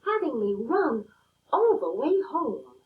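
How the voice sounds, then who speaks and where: A woman's voice: sits high, sing-song, takes it slowly, background noise, exaggerated voice. An earnest, polite storybook housekeeper who takes everything literally, as a woman reading aloud puts her on. The voice moves up and down freely and takes its time, over a muffled, lo-fi recording with faint music behind. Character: cheerful literal-minded grown woman housekeeper.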